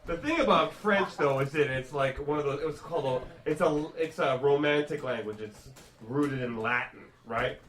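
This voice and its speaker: A man's voice: fairly high pitch, normal speed, fairly bright tone, distant mic. A man doing a stand-up comedy set, working the crowd with punchy, profane storytelling. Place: comedy club stage. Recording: roomy live club sound from off-mic.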